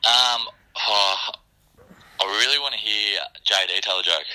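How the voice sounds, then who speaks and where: A man with an Australian accent telling a joke in a relaxed, casual chat. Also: lowish voice, a little slow, rough recording. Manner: laid-back, storytelling. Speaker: guest joke teller.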